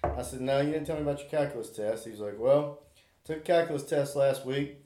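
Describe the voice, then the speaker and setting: A man's voice: mid-range voice, quick pace, mellow. A man chatting casually, telling rambling stories and acting out what friends said. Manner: rambling storyteller, acts out quotes. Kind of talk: casual chat. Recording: roomy.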